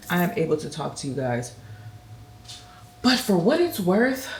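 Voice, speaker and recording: Low-voiced woman chatting while counting cash. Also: background noise. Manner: chatty, counts money aloud in a slow steady rhythm. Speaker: budgeting vlogger. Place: indoors at home.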